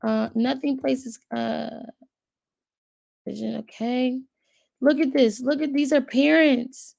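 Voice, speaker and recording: A woman's voice: on the high side, fairly even intonation, slow pace, vocal fry, long pauses, a little mellow, dry recording. A woman hosting a casual video, thinking aloud as she browses and reads web pages aloud to her viewers, with frequent fillers. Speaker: channel host. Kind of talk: casual commentary while browsing and reading aloud.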